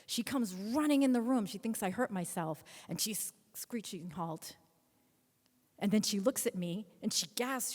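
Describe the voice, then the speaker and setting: A woman in her fifties telling a personal story live on stage, animated and acting out scenes. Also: medium pitch, normal speed. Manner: animated, acts out scenes with voices. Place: stage in a hall. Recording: long hall reverb from a stage.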